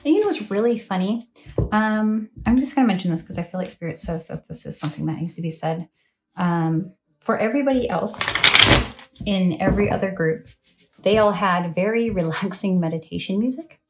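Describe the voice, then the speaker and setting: A woman's voice: medium pitch, expressive, brisk, darkish tone. A woman in her thirties giving a chatty, rambling tarot reading to her phone camera at home late at night, often apologizing and laughing. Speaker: tarot reader.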